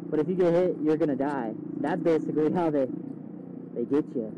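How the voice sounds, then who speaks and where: A young man riding a motorcycle through town, chatting casually into a helmet mic, swearing freely and getting loud when he retells things. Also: a little high, a little fast. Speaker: motovlogger. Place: outdoors on a motorcycle in town traffic. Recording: dull helmet mic, loud road noise. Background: engine and traffic noise.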